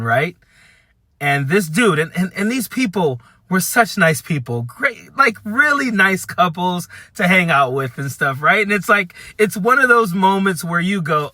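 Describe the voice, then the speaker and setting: Middle-aged male vlogger, bright forceful tone, slightly high voice, dry close sound, wry storyteller. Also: measured pace, no room sound. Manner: animated, wry, addresses viewers directly. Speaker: political commentator. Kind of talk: casual storytelling to camera.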